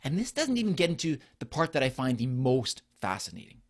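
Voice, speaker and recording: A middle-aged man delivers a conference talk as a doctor, earnest and explanatory. His pitch rises and falls freely, and he keeps posing rhetorical questions to the audience. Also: sing-song, brisk. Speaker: physician presenter. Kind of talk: conference presentation.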